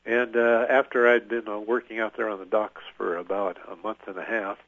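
An older man, a veteran, recalling his service in an oral history interview, halting with many filler pauses. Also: fairly low pitch, little pitch movement, no echo. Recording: tinny phone-like line, dry.

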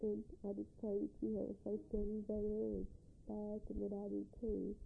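A woman's voice: mid-range voice, completely flat delivery, moderate pace, creaky, phone-quality sound, faint music behind. A young woman, a mother talking in a rambling, tender, homey way as she records a spoken letter to her husband.

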